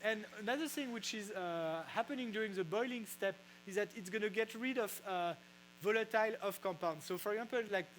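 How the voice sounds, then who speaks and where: A man with a French accent giving a casual science talk, halting with many fillers and restarts. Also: sits high, a bit bright, slight background noise, poor audio. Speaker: physicist explaining brewing science. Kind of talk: casual lecture. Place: brewery.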